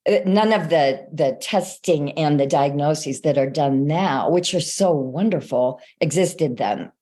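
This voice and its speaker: An older woman, a guest author, telling her personal story in an interview in a lively way, acting out the voices of people she quotes. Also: sits low, measured pace.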